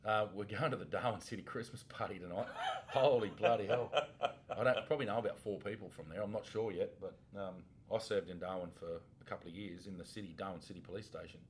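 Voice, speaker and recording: Laid-back Australian ex-cop, low voice. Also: male voice, fairly even intonation, fast talker, few pauses, slight background noise. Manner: laid-back, laughs often, casual slang. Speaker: podcast co-host, former police officer. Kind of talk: casual chat.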